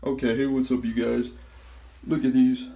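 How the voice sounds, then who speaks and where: A man's voice: medium pitch, little pitch movement, normal speed, gravelly, warm tone, a little hiss or hum, rough recording. A young man who pranks his grandmother, talking casually at home and pleading with her. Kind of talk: casual vlog and chat. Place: at home indoors.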